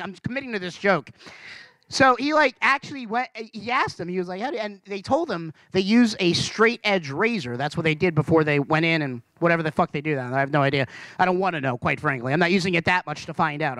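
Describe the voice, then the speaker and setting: A man performing a rambling, self-deprecating stand-up comedy set, swearing freely and jumping up in pitch for emphasis. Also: sharp tone, no echo.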